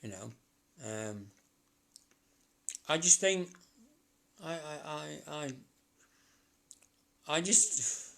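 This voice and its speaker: A man working as a psychic medium, chatting casually on a live stream in a rambling, halting way and chuckling to himself. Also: medium pitch, a bit bright.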